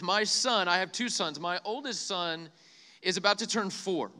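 A young man giving a retreat sermon, joking with the crowd and leading soft breathing prompts. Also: high-pitched, lively intonation, moderate pace. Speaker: youth speaker. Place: large hall with live audience. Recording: long hall reverb.

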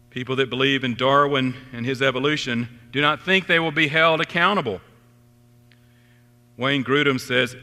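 A middle-aged man preaching a sermon as a pastor, earnest, lifting his voice on questions and sinking low when quoting scripture. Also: bright, forceful tone. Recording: long reverb of a large hall.

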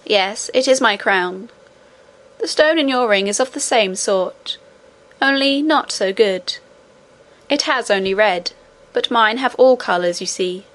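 A woman reading aloud voices a calm, wise and mysterious old grandmother who speaks in a measured, reassuring way. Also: mid-range voice, low-quality recording. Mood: serene.

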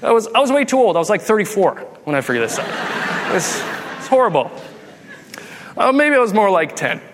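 A man's voice: high-pitched, fairly quick, background noise. A man in his thirties preaching a humorous sermon, telling jokey stories and acting out quotes. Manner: animated, jokey, acts out quotes. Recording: long hall reverb.

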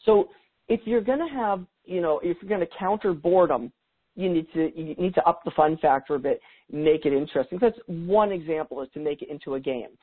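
A man's voice: on the high side, narrow, tinny audio. A middle-aged man talking as a guest expert in a podcast interview, chatty, with frequent restarts and easy laughs.

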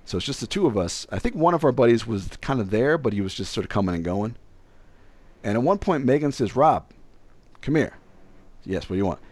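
Young male storyteller, lively pitch, dry close sound, casual delivery. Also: a little fast, no echo. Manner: animated, acts out other people's voices.

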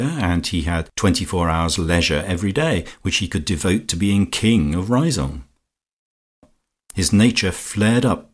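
A man narrating an audiobook in a measured, steady storytelling manner. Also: low voice. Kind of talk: audiobook reading.

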